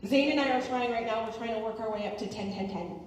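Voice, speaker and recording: A woman hosting a family event and speaking as a parent, playful and animated as she talks to children. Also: on the high side, fast, slight background noise. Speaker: host and parent panelist. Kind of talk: lively family event presenting. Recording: echoey hall from far off.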